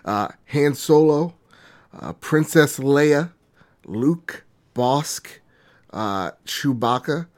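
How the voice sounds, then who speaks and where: A man's voice: on the high side, lively intonation, drawn-out words. A young man co-hosting a casual gaming news chat, joking and sarcastic, swearing freely. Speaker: co-host.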